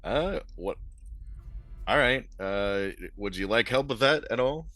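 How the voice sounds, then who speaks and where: A man's voice: mid-range voice, animated, slow pace, a bit bright. A man playing in a tabletop game, speaking hesitantly with laughs. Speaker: player. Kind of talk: tabletop role-play.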